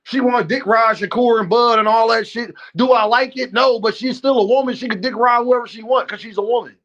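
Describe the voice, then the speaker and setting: A man with a high voice hosts a live stream in unscripted rant mode. He talks bluntly and profanely, addressing his chat directly and heatedly. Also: steady tone, brisk, a bit bright, muffled recording. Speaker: livestream host.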